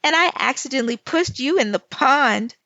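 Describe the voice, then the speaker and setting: Woman doing a cheeky little girl in a storybook, high and loud, slightly gravelly, dull lo-fi sound. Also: animated, moderate pace, no echo, heavily acted. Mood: teasing. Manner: high, bright, loud exclamations. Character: witty bold little girl, teasing.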